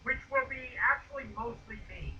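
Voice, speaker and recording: High, bright ranting man. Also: moderate pace, far from the mic, dull audio. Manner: loud, profane, mocking rants. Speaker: video creator being rebutted. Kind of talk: ranting commentary.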